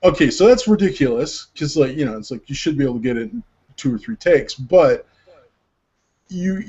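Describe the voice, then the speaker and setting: A man's voice: fairly high pitch, normal speed, breathy edge. A man co-hosting a casual podcast chat, rambling with lots of filler words as he tells stories. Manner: rambling, many filler words, animated retelling. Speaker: podcast co-host. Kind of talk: casual chat about movies. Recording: dull lo-fi sound.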